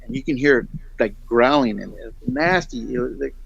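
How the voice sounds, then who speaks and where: At a moderate pace and medium pitch with some vocal fry, a middle-aged guest storyteller rambles through a lengthy tale. He's animated throughout, voicing the people in his story, and the recording sounds dull and lo-fi.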